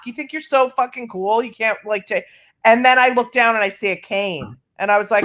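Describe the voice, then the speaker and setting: A woman's voice: a little high, normal speed, fairly bright tone. A woman comedian on a video call, telling blunt, profane stage stories and laughing through them. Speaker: comedian guest. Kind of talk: casual chat, telling stand-up stories.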